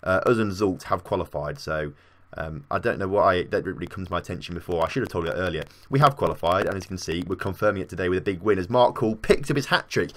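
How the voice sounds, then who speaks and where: Give me a young man with a fairly low voice, chatty and self-mocking, as a game commentator. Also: quick pace, slight background noise. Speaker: game streamer. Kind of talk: casual gameplay commentary.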